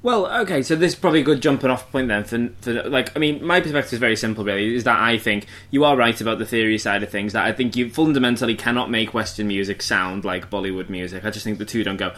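A man hosting a film podcast, animated and opinionated as he steers the conversation. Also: on the low side, fast talker, hardly any pauses. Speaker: film review podcast host. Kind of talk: casual chat.

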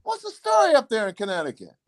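A man voicing an older male president on the phone, brisk and questioning. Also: high-pitched, huge pitch swings, vocal fry, pitched above the performer's own voice, heavily acted. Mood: puzzled.

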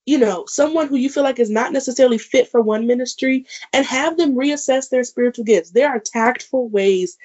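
Chatty woman podcaster, bright voice. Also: high-pitched, brisk, hardly any pauses, highs cut off. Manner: talkative, frequent "like" and "um" fillers. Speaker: podcast co-host. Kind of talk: casual church-talk podcast chat.

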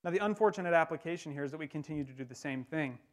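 A man's voice: fairly high pitch, rapid-fire. Man preaching a casual, wry sermon. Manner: conversational, wry humor while preaching. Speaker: pastor.

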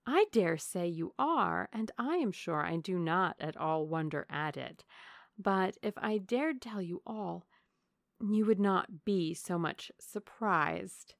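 A woman's voice: lowish voice, lively intonation, slow, creaky, no echo, clean studio sound, heavily acted. A woman voicing a coy, fawning young woman who confides in a gushing, falsely humble way. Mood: confiding.

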